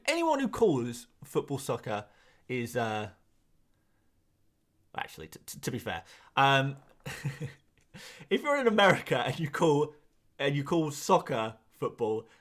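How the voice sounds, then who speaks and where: Reading and replying to questions from his chat, a young man from England rambles animatedly through a casual live stream, full of quick side comments. His voice sits at a medium pitch.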